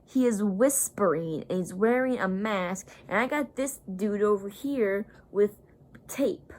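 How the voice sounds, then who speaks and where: A woman's voice: mid-range voice, unhurried, darkish tone. A young woman vlogger casually retelling a story, rambling and acting out the people she quotes.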